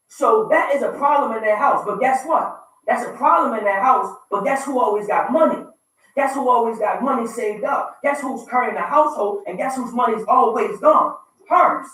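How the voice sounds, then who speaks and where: A man's voice: very high voice, fairly bright tone. A man in his thirties, hosting a radio talk show, making emphatic, repetitive points and raising his voice at times. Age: 30s. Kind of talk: opinionated relationship talk. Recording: very echoey room, distant mic.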